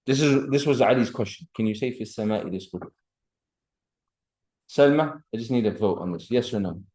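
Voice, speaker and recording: A man's voice: lowish voice, fast talker, a little mellow. A man teaching an Arabic grammar class, quizzing students by name and reciting Arabic phrases between his English explanations. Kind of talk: classroom lecture. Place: seminary classroom.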